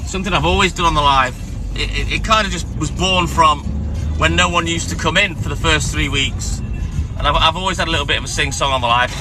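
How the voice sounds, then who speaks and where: A hoarse man chatting calmly to viewers on a live stream from inside his van. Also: fast, over music. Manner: keeping his voice calm and low, chatting to viewers. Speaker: livestreamer. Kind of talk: casual live-stream chat.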